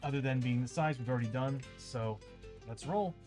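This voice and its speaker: Guy streaming a board game, rambly and chatty, kinda dry throat, quiet music in the back. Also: mid-range voice, normal speed. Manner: rambling, chatty, talks straight to viewers. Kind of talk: casual livestream chat. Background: faint ambient music.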